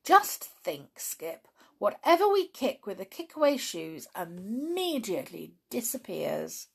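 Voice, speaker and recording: A woman's voice: medium pitch, very animated, slow pace, vocal fry, breathy edge, exaggerated voice. A woman voicing a cheerful young male brownie who talks eagerly and persuasively.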